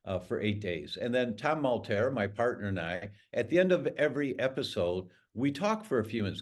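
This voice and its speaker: Male podcast guest, middle-aged doctor, emphatic storyteller with a lively, swinging pitch. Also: fairly quick, hardly any pauses. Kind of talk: podcast interview.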